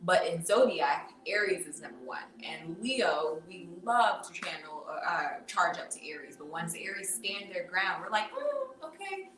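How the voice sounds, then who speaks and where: A woman's voice: lowish voice, moderate pace, hardly any pauses, fairly bright tone. Distant-sounding woman explaining tarot. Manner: earnest, explains spiritual ideas with fillers. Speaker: tarot reader guest. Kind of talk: casual podcast chat. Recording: roomy, distant from the mic.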